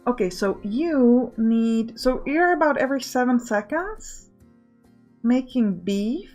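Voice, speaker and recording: A woman's voice: a little high, gravelly, a little mellow. A woman hosting a let's play, talking casually as she thinks aloud and gives orders to her game workers. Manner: chatty, thinking aloud, bossing game units.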